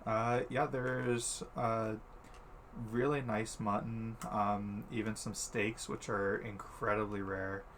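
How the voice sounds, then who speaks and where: Slow, laid-back man as game master. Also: on the low side, level tone, fairly bright tone, a little hiss or hum. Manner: laid-back, many fillers, laughs easily. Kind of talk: narrating a tabletop game.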